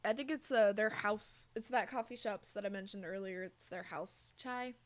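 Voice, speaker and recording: A woman's voice: medium pitch, moderate pace. A young woman streaming, chatting casually with her viewers and cooing over her cat. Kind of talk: casual chat with chat.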